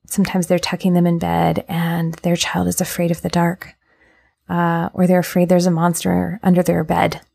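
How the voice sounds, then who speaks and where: A woman hosting a podcast, talking through relationship advice in a gentle, earnest way with plenty of ums and uhs. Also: on the low side, gravelly. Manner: gentle, earnest, filler-heavy explanation. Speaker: podcast host. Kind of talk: casual advice podcast monologue.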